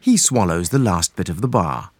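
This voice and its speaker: Cast note: low, husky male narrator with lively intonation, dry studio sound. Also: normal speed, no room sound. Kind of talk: scripted narration.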